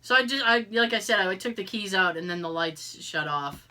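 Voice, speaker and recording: A woman co-hosting a podcast, telling a story in casual chat, animated and exasperated, swearing freely and joking. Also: medium pitch, moderate pace. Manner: jokey, contradicts herself for laughs. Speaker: podcast co-host.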